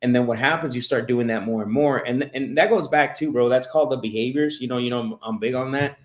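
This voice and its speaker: A man's voice: mid-range voice, fast, reverberant. A man hosting a casual sales podcast, telling stories with lots of restarts and repeated words. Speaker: podcast host and sales coach.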